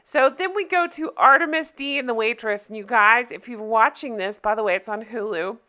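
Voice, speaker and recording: A woman's voice: fairly high pitch, moderate pace, sharp tone. A woman recapping a TV episode in a casual chat, often breaking up laughing. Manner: giggly, keeps breaking into laughter. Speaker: recap vlogger.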